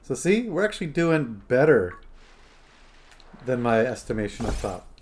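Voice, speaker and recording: Chatty streamer man, lively intonation. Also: mid-range voice, normal speed, slight background noise. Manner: rambling, chatty, talking to chat and his phone. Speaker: game streamer. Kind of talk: casual live-stream chat.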